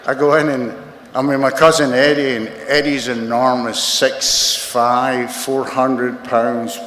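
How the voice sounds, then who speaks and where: A man's voice: medium pitch, fairly bright tone. A Scottish man in his sixties, a recovery meeting speaker telling a wry, self-mocking story to a crowd in a large hall. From Scotland. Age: 60s. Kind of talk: comic storytelling talk to a crowd. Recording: echoey hall, faint noise.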